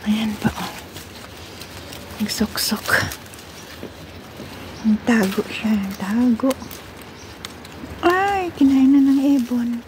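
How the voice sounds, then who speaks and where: A woman's voice: on the high side, expressive, takes it slowly, pauses often, background noise. A woman with a Filipino accent chatting casually through a garden vlog outdoors, cooing to a cat in baby talk. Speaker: vlogger.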